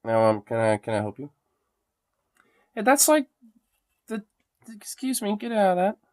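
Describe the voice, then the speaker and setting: A man's voice: high-pitched, wildly swooping pitch, normal speed, a little mellow. A man streaming casually, cooing affectionate baby talk to his pet cat.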